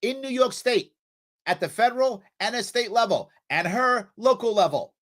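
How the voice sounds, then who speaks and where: A man's voice: very high voice, expressive, normal speed, fairly bright tone. A male show host giving heated, scolding political commentary in an impassioned, repetitive way.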